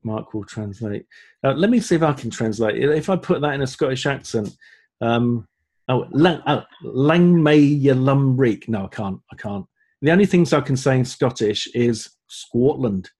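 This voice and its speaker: A man's voice: medium pitch, lively intonation, normal speed, darkish tone, breathy edge. A man co-hosting a live online Q&A, reading out viewer comments and laughing easily. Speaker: webinar co-host. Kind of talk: live Q&A chat.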